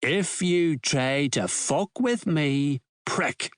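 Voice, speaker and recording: A man doing a gruff, threatening Belfast crime boss who swears freely, his voice dropping low and heavy as he growls out demands. A menacing street hard man in an audiobook, spoken in a dry, close recording. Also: expressive, measured pace, a bit bright, no echo. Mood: angry.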